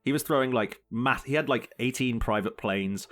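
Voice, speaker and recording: A man's voice: medium pitch, normal speed, fairly bright tone, soft background music. A young man co-hosting a casual podcast chat, ranting with plenty of swearing and frequent laughter. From Britain. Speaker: podcast co-host.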